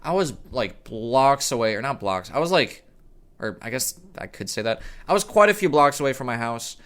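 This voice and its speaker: A man's voice: mid-range voice, very animated, moderate pace, a bit bright. A young man telling a rambling, profane story in a casual vlog, often correcting himself. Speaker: storyteller vlogger.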